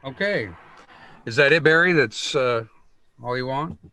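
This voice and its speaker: A man chairing a town meeting, speaking in a measured way with many fillers as he moves through the agenda. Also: medium pitch, pushed and bright.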